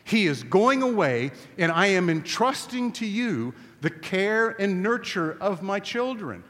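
A man with a fairly high voice preaches with a lot of melody and swing in his pitch. His delivery is emphatic and conversational, and he keeps turning to the congregation with questions. His voice carries a long reverb, as if it were filling a large hall. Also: very animated, measured pace, a bit bright. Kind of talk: sermon. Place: camp meeting.

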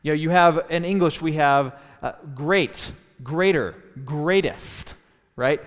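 A man's voice: on the high side, takes it slowly. A man preaching a sermon, teaching in a thoughtful tone with frequent restarts. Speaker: pastor. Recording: long hall reverb.

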